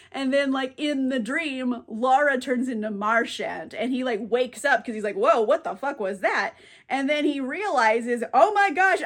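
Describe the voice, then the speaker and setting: A woman's voice: high-pitched, a bit bright. A young woman casually recapping a book, chatty and profane, with "like" in almost every sentence. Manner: chatty, fills with "like", swears freely. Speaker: book reviewer.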